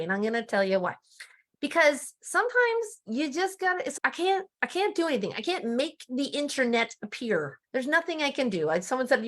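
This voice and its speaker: Chatty woman coach, slightly high voice. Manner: chatty, animated, self-mocking, with laughs. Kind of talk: casual talk to camera.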